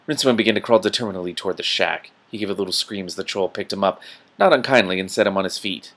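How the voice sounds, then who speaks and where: A man reading a fantasy novel aloud with commentary, stumbling a little and breaking in with quick asides. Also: low voice, a bit bright. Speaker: book reader.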